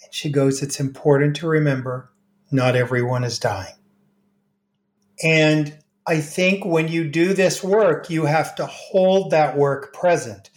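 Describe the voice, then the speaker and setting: A middle-aged man speaks slowly and gently, telling stories from his work and slipping into the voices of the people he quotes. His voice carries a roomy echo around it. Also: fairly high pitch. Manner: gentle, unhurried anecdotes with quoted dialogue. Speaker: grief expert guest. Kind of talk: storytelling in conversation.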